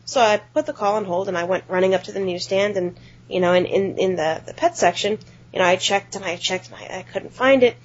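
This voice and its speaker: Husky-voiced woman telling a story. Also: mid-range voice, brisk. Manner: animated anecdote-teller, swears casually. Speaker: podcast co-host. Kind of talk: casual storytelling chat. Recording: dull lo-fi podcast audio.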